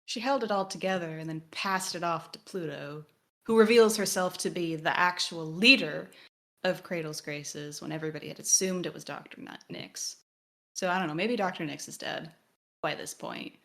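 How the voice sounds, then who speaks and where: A woman podcast co-host with a slightly low voice. She talks things through casually and throws in wry, joking asides. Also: a bit bright. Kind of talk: casual discussion.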